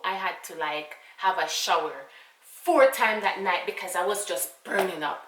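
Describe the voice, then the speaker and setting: A woman with a Jamaican accent telling a casual storytime, animated and full of fillers and asides. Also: on the low side, normal speed, far from the mic. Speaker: vlogger. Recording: roomy, away from mic.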